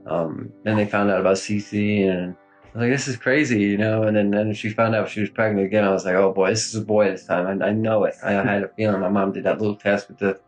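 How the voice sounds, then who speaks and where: A man in his thirties talks haltingly through grief, his voice sitting fairly low. He fills gaps with fillers and lets sentences trail off. Faint music plays underneath the recording. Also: flat delivery, low-quality recording. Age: 30s. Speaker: interviewee. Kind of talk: recorded police interview.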